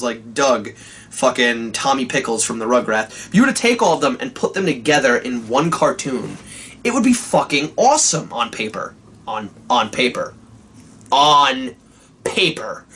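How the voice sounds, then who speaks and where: A man tearing into an old cartoon in a sarcastic, profanity-laced rant. His pitch swings up and down all over the place as he vents his exasperation, with a faint hum of noise behind him. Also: fairly bright tone. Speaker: cartoon reviewer. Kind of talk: ranting comedic review.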